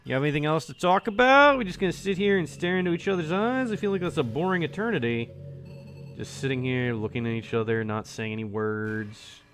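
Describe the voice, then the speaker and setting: A man's voice: a little high, expressive, a little fast, a bit bright, faint music behind. A man streaming a visual novel, joking and talking to the game character as he plays. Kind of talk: casual gameplay commentary.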